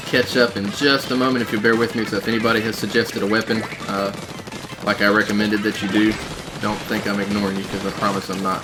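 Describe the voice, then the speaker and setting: A man streaming live gameplay, excitedly calling out plays and reading chat messages aloud. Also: on the low side. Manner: excitable, shouting out game callouts. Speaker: gaming streamer.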